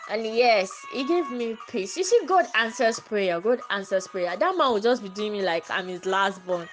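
A woman's voice: mid-range voice, animated, normal speed, soft background music, low-quality recording. A woman hosting a casual solo podcast, talking earnestly and repeating her phrases, her voice slightly stuffy from catarrh. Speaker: podcast host.

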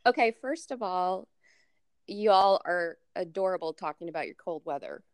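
A woman's voice: on the low side, normal speed, no room sound. A woman from Minnesota, a podcast guest in casual chat, teasing the hosts playfully. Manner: lively, teasing, uses y'all.

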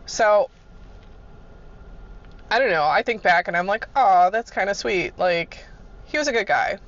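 A woman's voice: medium pitch, expressive, a little slow, a bit bright, dull audio. A woman telling casual work stories in a laid-back, chuckling way, swearing freely. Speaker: vlogger. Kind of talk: casual storytelling.

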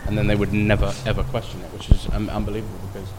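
Young man, light London accent, lowish voice, relaxed patient talk, noisy room. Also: very fast. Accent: light London English, often switched to American. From England. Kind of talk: casual podcast chat.

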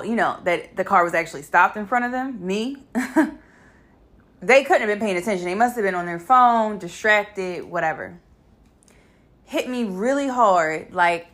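A young adult woman telling a personal story to her viewers in a casual, blunt, animated way, swearing freely and speaking straight to the audience. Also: fairly low pitch. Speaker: vlogger.

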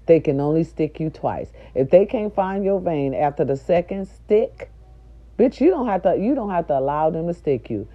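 An older woman, a nurse's aide and grandmother, telling an indignant, profane story straight to her viewers in a loud, animated rant. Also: fairly low pitch, normal speed, highs cut off.

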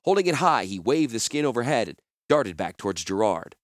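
A man narrating a fantasy novel chapter in an expressive storytelling manner. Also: medium pitch, a little fast, dry recording, studio quality. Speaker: audiobook narrator.

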